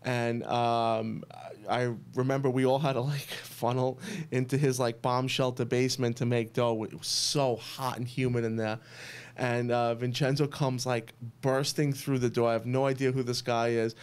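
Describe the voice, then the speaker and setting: A man's voice: medium pitch, moderate pace, smooth. A man, a pizza chef, telling funny stories in a casual podcast chat, often laughing as he talks. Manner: animated, laughs through stories.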